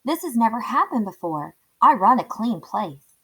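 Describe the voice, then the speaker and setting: Jittery restaurant owner guy, all apologies and fawning, pitch jumping way up, as a lady reads him out. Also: sing-song, normal speed, bright, forceful tone, slightly rough, heavily acted. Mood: apologetic. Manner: apologetic, eager to please.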